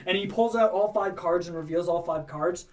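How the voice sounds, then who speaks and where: A man's voice: high-pitched, normal speed, recorded from a distance. A man narrating a tabletop game as game master, in a loose, chatty way full of fillers.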